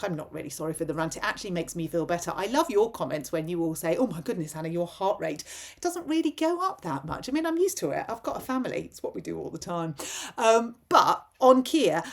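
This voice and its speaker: Impassioned woman ranting nonstop. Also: mid-range voice. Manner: impassioned, rapid-fire, barely pausing for breath. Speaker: political vlogger. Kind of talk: direct-to-camera political rant.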